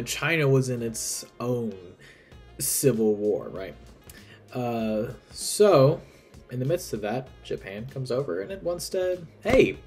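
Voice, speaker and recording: A man talks through history in a loose, conversational way, dropping fillers and quick self-aware asides. His pitch sits at an ordinary middle level, and faint music plays softly underneath. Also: slightly rough. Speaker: history presenter. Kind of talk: casual history explainer.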